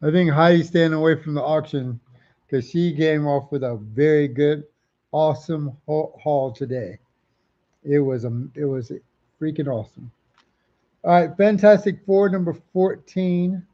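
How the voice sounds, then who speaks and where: A man running a live comic auction, chatting away and repeating each price and title as he goes. His voice sits a little high but sounds mellow and dark in tone. The stream audio is dull and lo-fi. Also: measured pace. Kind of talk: casual live-stream selling.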